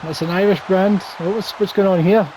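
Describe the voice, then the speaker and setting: A man's voice: high voice, steady tone, fairly quick, noisy background. A man doing play-by-play commentary over a wrestling video game, with wry, teasing banter.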